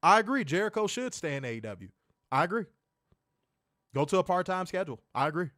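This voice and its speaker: A man co-hosting a casual livestream, loud and joking. He swears freely, laughs often and swings from shouts down to mutters. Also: high-pitched, big pitch swings, a little fast, no room sound, studio quality. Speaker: livestream co-host.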